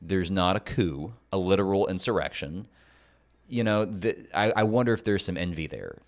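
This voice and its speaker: A man from North Carolina co-hosting a casual political podcast, talking in an animated way and often restarting his sentences. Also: low voice, normal speed. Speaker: podcast co-host.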